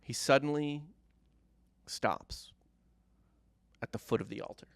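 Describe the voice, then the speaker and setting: A man's voice: medium pitch, slow, vocal fry, dry recording. A man hosting a comedy history podcast, telling the story in a loose, joking way with casual swearing.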